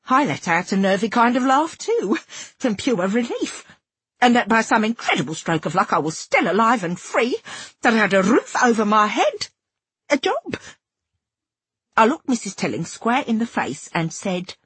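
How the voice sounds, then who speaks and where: A woman reading a first-person story aloud, expressive and acting out the dialogue. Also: medium pitch, normal speed, slightly rough, no room sound. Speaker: audiobook narrator. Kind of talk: scripted first-person narration.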